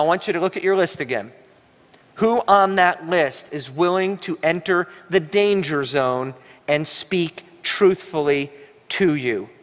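A man pastor preaching a sermon, telling stories animatedly and breaking into a coughing fit now and then. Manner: animated storytelling, voice rising high when quoting himself. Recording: long hall reverb.

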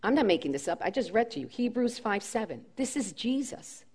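A woman's voice: a little high, sing-song, fairly quick, darkish tone, husky. A woman preaching a sermon with impassioned emphasis, repeating key phrases as her voice rises and falls.

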